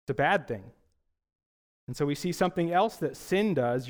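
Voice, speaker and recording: A young adult male pastor preaching a sermon in a conversational way, often asking rhetorical questions. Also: mid-range voice.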